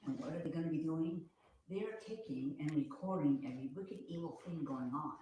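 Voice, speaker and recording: A woman's voice: deep voice, brisk, mellow, dull audio. Woman preaching in an echoey room. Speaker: preacher claiming visions of heaven. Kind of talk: live-streamed religious talk. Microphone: phone camera. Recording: echoey room with faint noise.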